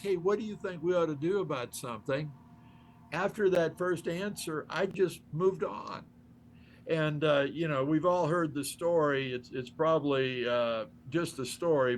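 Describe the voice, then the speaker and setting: With slight background noise, an older male interview guest recounts stories with enthusiasm in a voice on the high side. His conversation is animated, full of acted-out dialogue and frequent laughter.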